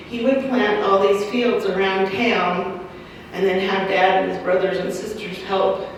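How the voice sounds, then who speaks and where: An older woman recalls family history for an audience, wandering through her memories with ums and restarts. Her mid-range voice is heard from well back from the mic, with a long hall reverb and a faint hiss beneath it. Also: mid-range voice. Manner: unhurried, rambling recollection with ums and restarts. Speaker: local history speaker. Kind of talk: family storytelling talk to an audience. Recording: echoey hall recording from far off, light noise.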